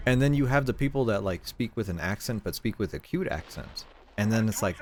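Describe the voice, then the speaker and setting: A young man from the United States chats loosely as he plays, his voice sitting a bit low. He rambles and curses, full of fillers. Game gunfire and explosions come through clearly behind him. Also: fairly quick, noisy background. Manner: rambling, profane, lots of fillers. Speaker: streamer. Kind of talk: casual gaming stream chat. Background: gunfire and game sounds.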